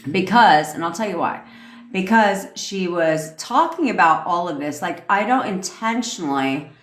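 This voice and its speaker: A woman's voice: fairly low pitch, lively intonation, a little slow, reverberant. A woman manifestation coach ranting sarcastically and profanely on a phone live stream. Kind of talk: TikTok live rant.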